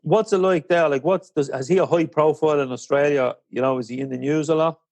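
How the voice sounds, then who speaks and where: A man's voice: fairly high pitch, steady tone, a little fast, a little mellow, dry recording. A man hosting a fan podcast, interviewing a guest in a friendly, bantering way. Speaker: podcast host. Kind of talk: casual interview chat.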